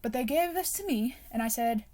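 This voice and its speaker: Young woman, fairly high voice, casual book-vlog chatter, giggly and rambling with fillers, self-conscious whispered asides. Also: expressive, fairly quick, warm tone, slight background noise. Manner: chatty, giggly, rambling with many ums and likes. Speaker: book vlogger. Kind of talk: casual chat.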